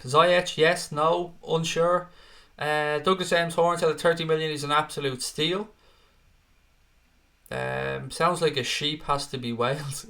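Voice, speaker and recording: Bright-voiced sweary male stream host. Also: on the high side, gravelly. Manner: sweary, reads viewer comments aloud. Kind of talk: casual live stream chat.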